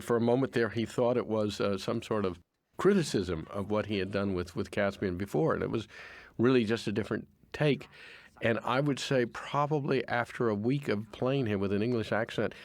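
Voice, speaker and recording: A man, the film's producer, giving a reflective, appreciative audio commentary, often repeating a word as he finds his thought. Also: lowish voice. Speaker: film producer.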